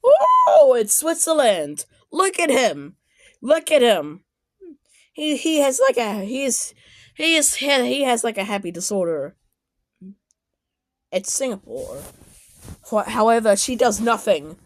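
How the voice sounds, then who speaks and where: Excitable woman reacting with lively pitch. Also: unhurried, pauses often, no echo. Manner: excitable, exclaims and shouts often. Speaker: video commentator. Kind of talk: casual reaction commentary.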